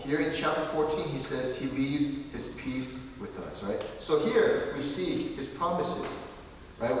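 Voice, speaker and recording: Guy preaching a sermon, heard from far off, reads verses slow then chats about them. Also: medium pitch, a bit bright. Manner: reads scripture slowly, then talks it over with the listeners. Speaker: pastor. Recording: echoey hall from far off, faint hiss.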